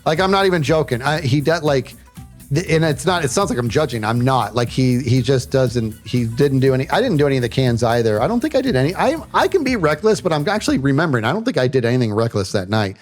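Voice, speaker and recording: A man telling a story on a livestream in a casual, animated way, often saying "dude" and acting out what people said. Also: medium pitch, fast talker, soft background music. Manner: animated, says "dude" and "bro" often, acts out quotes.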